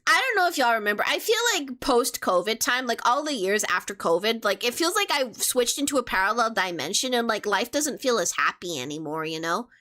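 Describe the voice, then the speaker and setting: A woman's voice: fairly high pitch, animated, fairly quick, few pauses, pushed and bright. A woman streamer with a childlike, youthful-sounding voice, chatting casually and playfully as she reads and answers her chat. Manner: playful and chatty, with teasing asides.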